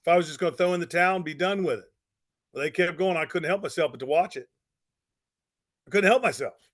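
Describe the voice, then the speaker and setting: A man's voice: on the high side, quick pace, a bit bright. A middle-aged man telling a motivational story in a folksy, emphatic way, with lots of repetition. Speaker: speaker on network marketing.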